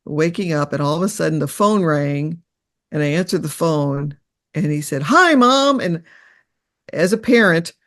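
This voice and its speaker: An older woman, a guest in an interview, telling personal stories in an earnest, reflective, halting way. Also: sits low.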